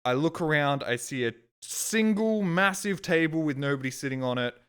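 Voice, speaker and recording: Young male streamer, rambling and profane, with a smooth, clear voice. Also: on the high side, lively intonation, normal speed, a bit bright. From Australia. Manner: rambling, swearing, frustrated. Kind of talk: casual storytelling.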